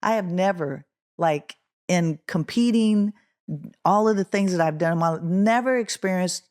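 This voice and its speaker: A woman's voice: moderate pace, clear, resonant tone. A middle-aged woman from Oakland, California, a guest musician telling a story in an interview, acting out the quotes with a rising voice. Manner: animated, acts out quotes with rising pitch.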